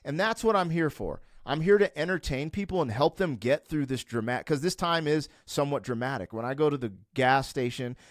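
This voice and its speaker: A middle-aged man in candid conversation, his voice sitting a bit high for a man. He rants with emphasis and builds to fervent peaks. The sound is dry and close on the mic. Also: a little fast, few pauses, dry recording. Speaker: podcast guest.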